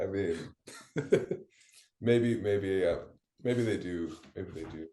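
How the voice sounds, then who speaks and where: A man's voice: deep voice, takes it slowly, dark tone. A young man on a film podcast, laid-back and casual, peppering his talk with slang. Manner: laid-back, says dude a lot.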